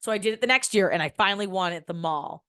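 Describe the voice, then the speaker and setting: A young woman from Michigan tells a long personal story in a relaxed, chatty way. She keeps an ordinary middle pitch and lifts it sharply when she acts out her own past lines. The sound is dry and close, with no room around it. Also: fast, smooth, dry recording. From Michigan, USA. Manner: chatty, animated, acts out quoted lines in a high voice. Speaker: podcast host. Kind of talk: casual storytelling.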